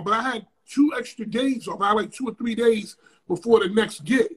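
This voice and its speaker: High, husky man telling a wild story. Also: moderate pace. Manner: profane, animated storyteller with sudden loud bursts. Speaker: interview guest. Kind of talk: casual storytelling.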